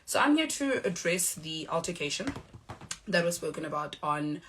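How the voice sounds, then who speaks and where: Young South African woman, firm and measured, speaking low, recounting events on camera. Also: big pitch swings, a bit bright, a little hiss or hum. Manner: measured, firm, acts out quoted exchanges. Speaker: reality show cast member. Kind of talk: direct-to-camera statement.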